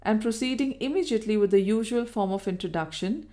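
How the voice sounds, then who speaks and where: A woman reading a Victorian novel aloud in a measured, even storytelling manner. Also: medium pitch. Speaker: audiobook reader. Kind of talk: scripted narration of a Victorian novel.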